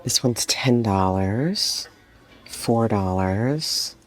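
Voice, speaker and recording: A woman drawing out her words in an extremely low pitch talks casually for her thrifting vlog, filmed on a handheld phone in a thrift store. A vintage home decor reseller, she's excitable and gushing, often sinking into a whisper.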